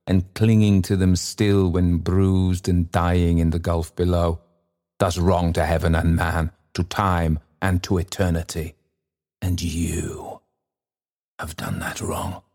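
A man voicing the stern, accusing goblin spirit of a church bell in a solemn, slow audiobook reading. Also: sits low, a little mellow.

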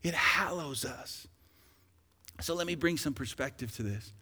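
A male pastor preaching a sermon, shifting from conversational asides to loud, emphatic calls to the congregation. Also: on the high side, unhurried, breathy edge, long reverb tail. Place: church sanctuary.

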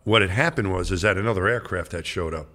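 Fast and forceful, with a bright tone over a low voice, a middle-aged man tells a long, meandering anecdote as a guest on an interview show. He is a former astronaut, and he acts out the dialogue of the people in his story during this casual, story-driven interview.

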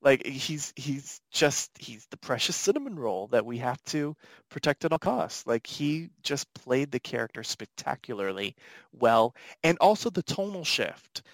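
A man's voice: mid-range voice, no room sound. A man hosting a casual podcast chat, talking in an upbeat, playful way. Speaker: podcast host.

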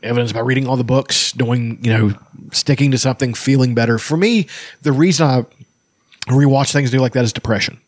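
A man's voice: mid-range voice, a little fast, dry recording, clean studio sound. A man co-hosting a podcast, talking candidly and profanely in casual chat. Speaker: podcast co-host.

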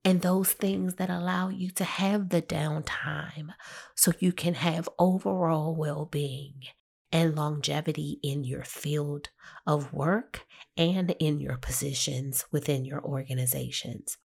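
A woman hosting a solo podcast, talking through her topic in a measured, explanatory way with a husky voice. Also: deep voice, steady tone, darkish tone. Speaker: podcast host.

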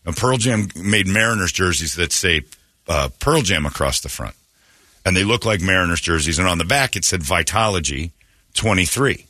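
Sarcastic, bright-voiced male radio host. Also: sits low, lively intonation, normal speed, no echo, clean studio sound. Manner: sarcastic, rambling, mocking. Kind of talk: casual talk radio storytelling. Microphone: studio microphone.

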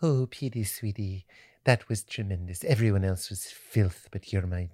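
Doting, fussy mom cooing over her boy, played by a man doing a quick impression, low and soft. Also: dry recording, clean studio sound, lightly acted. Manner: cooing, fond praise. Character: doting older mother, sweet and fussy.

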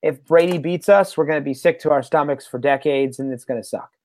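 A man's voice: on the high side, fairly quick, a little mellow. A man co-hosting a sports podcast, talking in an upbeat, fired-up way. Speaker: podcast co-host. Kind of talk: casual sports podcast chat.

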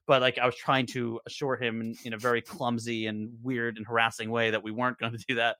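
A man's voice: mid-range voice, level tone, a little fast, hardly any pauses, sharp tone, dry recording, studio quality. A young adult man telling stories as a podcast guest in casual chat, rambling with many fillers and restarts. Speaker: podcast guest, show co-creator.

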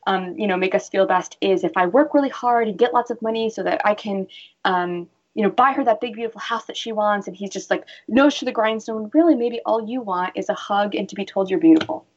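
A woman's voice: mid-range voice, brisk, a little mellow, dull audio. A woman who works as a bra fitter, talking earnestly in a casual interview and telling stories with animation.

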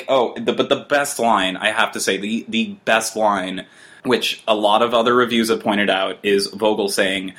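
A man with a fairly low voice co-hosts a casual TV review chat. He riffs sarcastically and sounds exasperated, building animated stories about scenes that bored or baffled him. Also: a little slow. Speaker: TV review podcast co-host.

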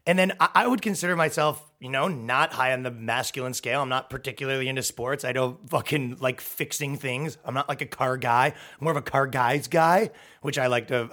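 A man's voice: mid-range voice, a bit bright. A man hosting a podcast, delivering a sarcastic, profane, rambling comedic rant. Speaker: podcast host. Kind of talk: comedic monologue.

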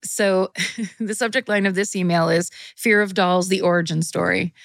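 A woman's voice: on the low side, steady tone, normal speed, creaky, no echo. A woman co-hosting a podcast, reading listener emails aloud and chatting playfully, laughing and swearing. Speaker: podcast co-host.

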